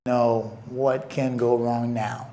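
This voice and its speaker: A young man telling a personal story in an interview, earnest and emotional, with halting pauses. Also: mid-range voice, flat delivery, dark tone, a little hiss or hum.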